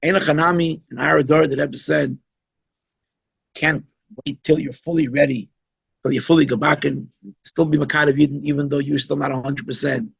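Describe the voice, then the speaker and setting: A rabbi gives a conversational, emphatic Chassidic talk with frequent asides. His voice sits somewhat high and has a gravelly, husky grain. The recording is dry and dull, with little room sound. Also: level tone, moderate pace, no echo. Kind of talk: informal Chassidic talk at a holiday gathering.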